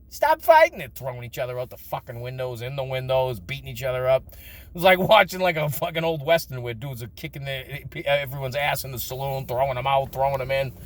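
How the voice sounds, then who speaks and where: A man's voice: mid-range voice, a bit bright, no room sound. A man telling crude, funny childhood stories in a casual vlog, swearing often and laughing between lines. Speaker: storyteller.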